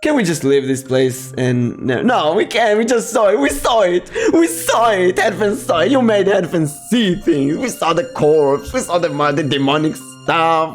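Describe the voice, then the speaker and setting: A man's voice: fairly high pitch, lightly acted. A man voicing a cowardly, boastful young male adventurer who whines and panics. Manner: whiny, panicky, self-referring in third person.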